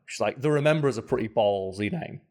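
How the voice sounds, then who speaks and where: A man co-hosting a podcast, talking casually and with animation about a video game, often jumping into high-pitched impressions of characters. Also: lively intonation, fast talker, darkish tone. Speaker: podcast co-host. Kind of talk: casual gaming chat.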